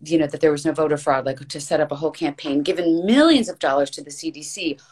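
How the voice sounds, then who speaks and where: Woman podcast guest, low voice, earnest and emphatic, rambling with repeated words for stress. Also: fast talker, darkish tone. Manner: rambling, restarts mid-thought. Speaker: podcast guest, voice actress and coach. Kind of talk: casual conversational interview.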